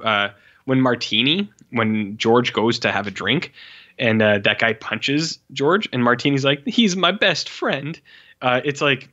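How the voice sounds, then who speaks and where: A man co-hosting a podcast in loose, casual chat, with a bright, forceful voice. He gets animated, swears freely and acts out lines with big reactions. The sound is dull and lo-fi. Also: medium pitch. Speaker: podcast co-host.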